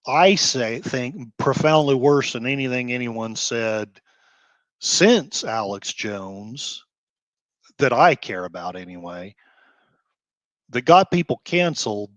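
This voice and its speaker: A man hosting his own commentary show, ranting with feeling, sighing and breaking into quick heated outbursts between quieter stretches. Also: medium pitch, expressive, dry recording. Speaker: blogger host. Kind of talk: emotional commentary rant.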